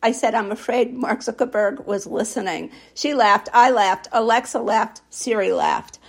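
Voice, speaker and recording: A woman's voice: fairly high pitch, fairly even intonation, normal speed. Chatty woman co-hosting a casual podcast. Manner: chatty, laughs easily. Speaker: podcast co-host. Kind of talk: casual chat.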